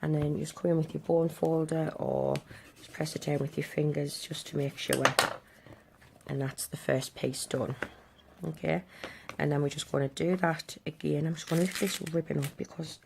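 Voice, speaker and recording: A woman's voice: sits low, steady tone, moderate pace, gravelly, background noise. A woman hosting a casual crafting tutorial, chatting step by step while she works with her hands.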